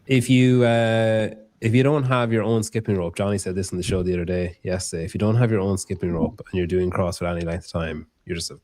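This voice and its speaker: A man's voice: low voice, darkish tone. A man hosting a casual podcast, joking and rambling, swearing freely. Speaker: podcast host.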